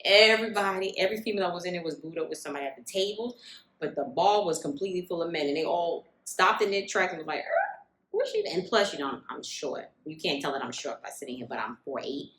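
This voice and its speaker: A woman's voice: on the low side, fast talker, echoey room, poor audio. A woman co-hosting a podcast, telling a comic story in casual chat and acting out the people in it. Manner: animated, acts out the people in her stories. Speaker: podcast co-host.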